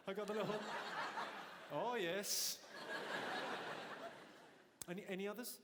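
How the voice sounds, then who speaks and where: Brief: high-pitched deadpan male comic, long hall reverb, loud noise. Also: slow pace. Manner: deadpan, teasing the audience. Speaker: stand-up comedian. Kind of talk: stand-up comedy with crowd work. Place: large theatre in Glasgow.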